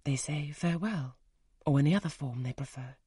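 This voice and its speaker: Audiobook voice: a man reading a quietly firm young governess with a soft, measured manner. The tone is husky and sits in the middle range. The recording is dry and close. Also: a little high, no echo. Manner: polite, measured, soft-spoken.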